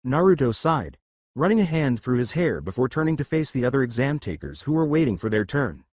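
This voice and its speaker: A man narrating a fan fiction story aloud in a steady reading manner. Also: medium pitch, a little fast, no echo, clean studio sound.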